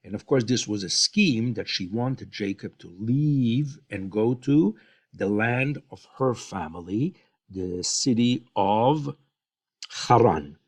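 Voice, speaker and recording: A man retells a Bible story as a lesson, voicing the characters' lines as he goes. His pitch swings widely while his pace stays slow and deliberate. He often pauses on fillers between phrases. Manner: lively storytelling with acted-out quotes and fillers. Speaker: Bible teacher.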